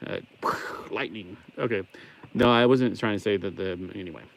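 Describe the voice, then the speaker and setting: Building a toy set live on stream, this host chats and rambles in a mild Southern American accent, tossing out puns along the way. His voice sits on the low side with some vocal fry, and he speaks at a normal speed.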